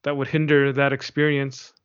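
A man's voice: medium pitch, flat delivery, moderate pace, clear, resonant tone. A man in a casual book discussion, talking in a hesitant way and searching for his words. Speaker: discussion participant. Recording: dull lo-fi sound.

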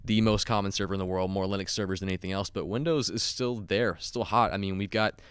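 A man co-hosting a casual live tech chat, relaxed and joking, often saying "I mean". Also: deep voice, fast, clear, resonant tone, dry recording. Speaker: co-host.

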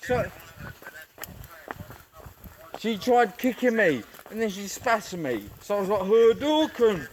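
A man's voice: high-pitched, big pitch swings, a little slow, pauses often. A young man ranting and swearing at someone on the phone in the street, repeating his complaints over and over. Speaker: passer-by on the phone. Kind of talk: heated phone call in the street. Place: outdoors in the street. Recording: noisy outdoor street recording.

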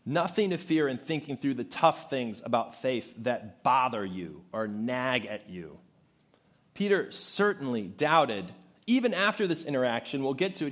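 Animated male preacher with lively pitch. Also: normal speed. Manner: animated storytelling, conversational asides. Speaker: pastor. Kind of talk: sermon.

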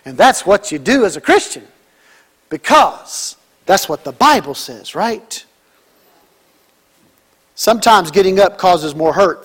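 A middle-aged male pastor preaching a sermon, swinging between loud emphatic lines and soft, drawn-out ones. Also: high-pitched.

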